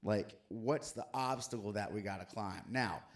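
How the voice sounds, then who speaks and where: Guy with a lowish voice co-hosting a church chat, playful, tells stories with lots of energy. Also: normal speed. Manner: animated storyteller, playful. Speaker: co-host. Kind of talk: casual chat.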